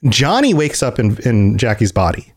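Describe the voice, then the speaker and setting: A man's voice: medium pitch, moderate pace. A man in casual chat, telling a game story with lots of restarts and acting out the characters' lines. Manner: animated storyteller who acts out quoted lines.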